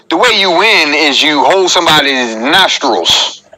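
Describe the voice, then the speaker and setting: A comedian in his thirties hosts his own live show, joking in a chatty way as he talks straight to his viewers in a casual live-stream monologue. His voice is fairly high and sharp-toned, animated but a little slow. The recording quality is low.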